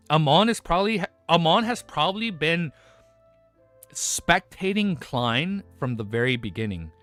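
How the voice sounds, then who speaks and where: A young man streaming live and chatting casually with his viewers. He rambles excitedly, swears, laughs often and says he is overwhelmed and lightheaded. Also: a little high, no room sound. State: overexcited and lightheaded. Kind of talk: excited casual livestream chat.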